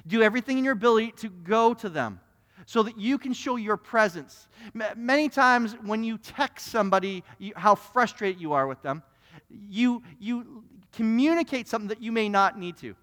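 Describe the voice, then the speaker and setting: Male pastor, high voice, sermon with repeated restarts, long church reverb. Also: lively intonation, moderate pace, a bit bright. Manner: repetitive restarts, acting out little scenes. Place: church sanctuary.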